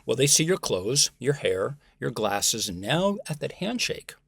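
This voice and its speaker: Husky, gravelly American man. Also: mid-range voice, unhurried, no echo. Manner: animated and emphatic, acts out example voices. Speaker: communication professor, interview guest. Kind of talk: conversational interview.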